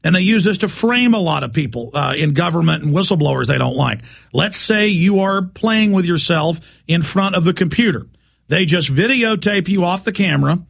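A man delivers a heated talk radio monologue in a fairly high voice with a heavy gravelly fry. He talks emphatically, with urgent warnings and frequent restarts. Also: expressive, moderate pace, a bit bright. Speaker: radio talk show host.

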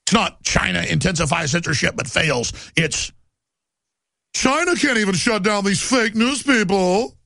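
A man with a raised, gravelly voice rants through a talk show monologue. He speaks fast and emphatically and sounds agitated throughout. The sound is close and dry, with no room echo. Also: high voice, animated, sharp tone. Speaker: radio and TV talk show host.

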